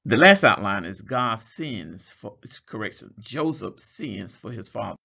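A man's voice: lowish voice, expressive, unhurried, gravelly, sharp tone, slightly rough, dull audio. A man preaching a Bible study sermon, reading scripture aloud and explaining it, drawing out words for emphasis.

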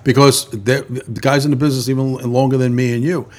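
A man who manages bands talks in a quick, blunt stream, piling up complaints and swearing without a second thought. His pitch sits in the middle of the male range, and the words tumble out fast. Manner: blunt, animated, swears freely. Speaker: band manager. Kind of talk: casual chat.

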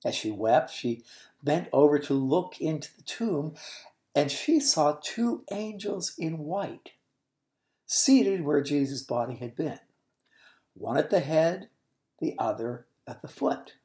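Low, warm-toned woman teaching scripture, animated storyteller, unhurried. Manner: expressive, storytelling, explains original-language words. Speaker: Bible teacher. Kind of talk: expository Bible teaching.

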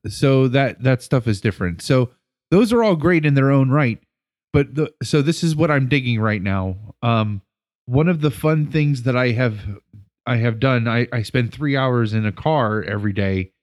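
A man's voice: medium pitch, expressive, normal speed. A man telling a story on a casual podcast, rambling with many fillers and restarts; an educator. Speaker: podcast co-host.

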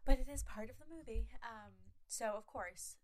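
A woman co-hosting a podcast, casually retelling a film scene with animated storytelling, plenty of "like" and swearing. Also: a little high, normal speed. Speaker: podcast co-host. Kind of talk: casual chat recapping a film.

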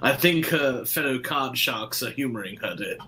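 A man's voice: medium pitch, animated, moderate pace, pushed and bright, slight background noise. A man playing a tabletop game in character, friendly and easygoing. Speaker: player. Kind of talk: in-character tabletop role-play.

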